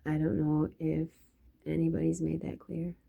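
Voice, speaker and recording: A woman's voice: deep voice, little pitch movement, moderate pace, creaky, narrow, tinny audio. A woman talking in a loose, free-associating spiritual monologue, drifting from thought to thought.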